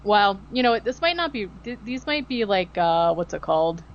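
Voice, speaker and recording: A woman's voice: mid-range voice, animated, moderate pace, highs cut off. A woman co-hosting a podcast, recapping a movie in a rambling, sarcastic way with lots of fillers. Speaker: podcast co-host. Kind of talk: casual movie recap chat.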